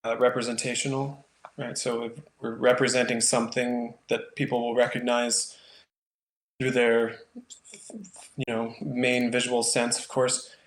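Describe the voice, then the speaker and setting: A man's voice: medium pitch, monotone, a little slow, reverberant, slight background noise. A man, a painter from Canada, talking casually in an interview and thinking aloud with lots of fillers. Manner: thoughtful, rambling with many fillers. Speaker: painter, guest.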